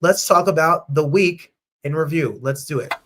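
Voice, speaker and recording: A fairly high-voiced man in his thirties hosts a live-stream chat show with gushing, bubbly energy. He is from New Jersey and keeps jumping into playful falsetto squeals and snatches of song. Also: moderate pace, noisy background. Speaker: host.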